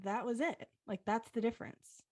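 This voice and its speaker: A woman's voice: fairly high pitch, moderate pace, a little mellow. A young adult woman co-hosting a podcast, retelling a personal story in a heartfelt way and leaning on the filler "like". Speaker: podcast co-host.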